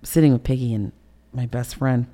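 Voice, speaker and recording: A middle-aged woman being interviewed, recounting painful personal memories in a candid, emotional and halting way. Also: a bass voice, fairly even intonation, warm tone. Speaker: interview guest.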